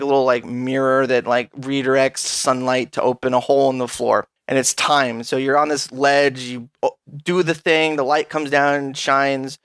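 A man's voice: mid-range voice, no room sound. A man co-hosting a podcast, ranting in a casual, profane way about a video game. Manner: profane, ranting, animated complaints. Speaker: podcast co-host.

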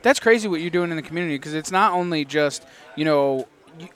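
A man's voice: on the high side, quick pace, a bit bright. A man hosting a podcast outdoors, chatting casually in an upbeat and encouraging way. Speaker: podcast host. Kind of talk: casual interview chat. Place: outdoors at an event.

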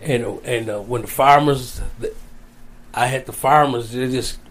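A man's voice: medium pitch, fairly even intonation, a little slow. A man as an interview guest, telling a long personal story in a casual, rambling way, repeating his phrases. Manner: rambling, repeats phrases, folksy Southern-style speech.

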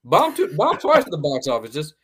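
A man's voice: on the high side, huge pitch swings, brisk, a bit bright, slightly rough. A man hosting a casual movie review podcast, talking bluntly with a lot of swearing, laughing, and repeated words. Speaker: podcast host.

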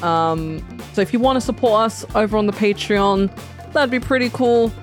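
A woman's voice: mid-range voice, normal speed, faint music behind. A woman co-hosting a casual podcast, rambling with lots of fillers. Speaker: podcast co-host. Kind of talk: casual chat.

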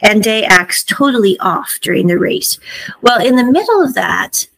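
Husky-voiced woman recapping a show. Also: fairly high pitch, expressive, moderate pace, a bit bright, low-quality recording. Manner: chatty retelling, acts out quotes with "he's like". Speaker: podcast host. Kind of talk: casual episode recap.

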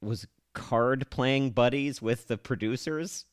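A man's voice: mid-range voice, takes it slowly, clear, resonant tone, no room sound, close to an everyday voice. A man playing a confused young therapy patient in an improvised comedy, talking earnestly and rambling. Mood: eager. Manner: earnest, rambling, laughs at himself. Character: confused young man copying an old spy actor. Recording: dry close studio sound.

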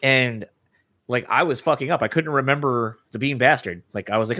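A man's voice: mid-range voice, moderate pace, fairly bright tone, no echo. Candid rambling male podcast co-host. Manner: rambling, candid, swears casually. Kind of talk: casual chat.

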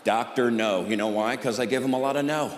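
A man's voice: mid-range voice, a little fast. A middle-aged man doing a stand-up routine in a folksy, mock-exasperated drawl, recorded live on a theater stage. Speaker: stand-up comedian. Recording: echoey live hall with audience.

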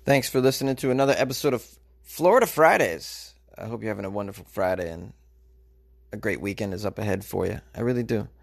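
A man's voice: on the low side, fast, gravelly, a little hiss or hum. A man hosting a podcast, giving comic commentary on a news story in a rambling, self-mocking, joking way. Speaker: podcast host.

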